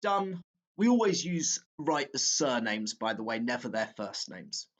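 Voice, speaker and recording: A male teacher walks students through exam technique at an unhurried, drawn-out pace. He speaks haltingly, pausing on fillers and correcting himself as he goes. His pitch sits in an ordinary middle range for a man. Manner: slow, halting, with frequent fillers and self-corrections. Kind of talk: exam walkthrough lesson.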